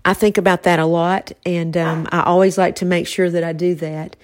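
At a moderate pace and in a flat delivery, a woman hosting a faith podcast speaks softly and reflectively in casual talk, her pitch a bit low for a woman. Captured close to the mic, the dry recording has no room sound.

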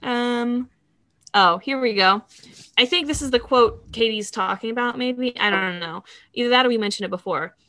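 A woman's voice: fairly high pitch, a bit bright, no echo. A woman in casual chat who reads out funny quotes from a TV show and laughs often. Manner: laughs often, reads lines in quick bursts.

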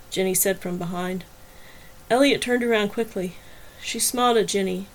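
A woman's voice: medium pitch, slight background noise, poor audio. Woman reading a novel aloud. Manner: even, measured storytelling. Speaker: audiobook narrator and podcast host.

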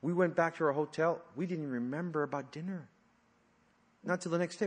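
A man's voice: a little high, a little fast. Man preaching in a reverberant hall. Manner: conversational storytelling with frequent fillers, dropping to hushed tones. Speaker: pastor. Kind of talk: sermon. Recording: long reverb of a large hall.

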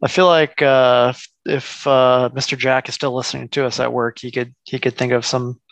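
A man's voice: mid-range voice, little pitch movement, moderate pace, dry recording. A man, co-hosting a casual sports podcast, loose and joking. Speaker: podcast co-host. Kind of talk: casual chat.

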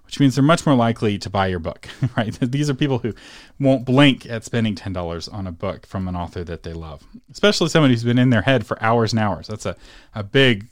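A man's voice: on the low side, brisk, no room sound, studio quality. A man hosting a solo instructional podcast, talking casually and chatting with small laughs between points. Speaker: podcast host.

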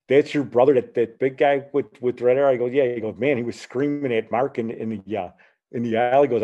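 A man's voice: mid-range voice, mellow, muffled recording. A man in his sixties hosting a podcast, telling long, rambling anecdotes in casual chat and retelling conversations with "he goes". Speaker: podcast host.

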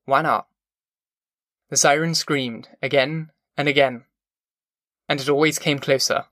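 Bright-voiced male audiobook narrator. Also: a little high, no echo, clean studio sound. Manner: measured, even storytelling.

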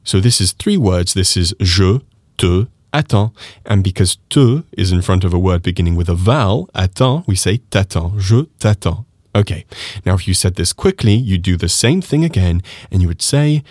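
A man teaching French pronunciation on a podcast, lively and animated, slowing down to repeat phrases for the listener. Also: on the low side, no room sound, studio quality.

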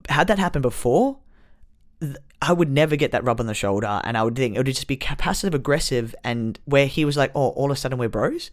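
Young man, lively pitch, earnest, casual podcast talk. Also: brisk. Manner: animated, earnest storytelling. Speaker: podcast co-host. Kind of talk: casual chat.

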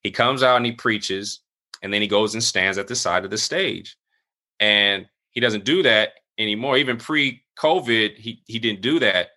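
A middle-aged man, a pastor, telling a personal story in casual conversation, full of fillers and acting out other people's lines in a raised voice. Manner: animated, acts out quoted voices at higher pitch.

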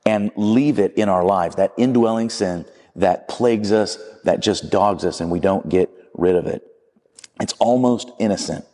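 A man's voice: low voice, darkish tone, in a large hall. A man preaching a sermon in a conversational, storytelling way, acting out the quotes as he goes.

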